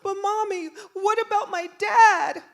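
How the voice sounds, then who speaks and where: A woman's voice: extremely high pitch, expressive, a little slow, a bit bright, voice pushed up, exaggerated voice. A woman voicing a frightened little boy who wails, stammers and pleads through tears. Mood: sobbing.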